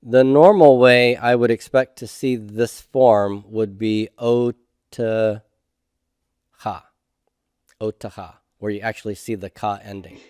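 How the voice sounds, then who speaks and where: With a steady, slightly mellow mid-range voice, a middle-aged man leads a Hebrew grammar lesson. He goes step by step in a slow, methodical way, often pausing to ask "okay?". The studio-quality recording is clean, with no room sound.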